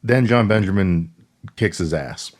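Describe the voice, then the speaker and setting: A deep-voiced man co-hosting a casual podcast, walking through a film's plot. He rambles and restarts often, filling his pauses with ums and uhs. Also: expressive. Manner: rambling, halting retelling with many fillers and restarts. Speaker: podcast co-host. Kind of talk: casual chat recapping a film.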